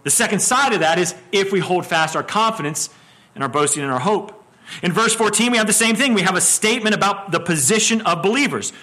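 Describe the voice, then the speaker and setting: A man's voice: sits high, expressive, a little fast, sharp tone. A middle-aged male pastor preaching an expository sermon, often repeating words as he starts a phrase and asking the congregation questions.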